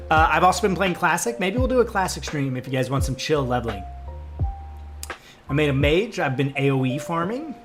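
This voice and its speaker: A young man hosting a casual livestream, his voice sitting a touch higher than most men's. He rambles through viewer comments with plenty of fillers and restarts, and soft music plays quietly behind him. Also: animated, brisk.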